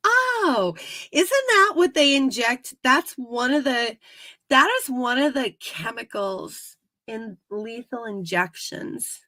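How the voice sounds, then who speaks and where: A woman's voice: a little high, lively intonation, slow, bright, forceful tone, dry recording. A woman from New York co-hosting a podcast, animatedly recapping an episode with lots of laughs and swearing. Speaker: podcast co-host. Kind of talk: casual episode recap chat.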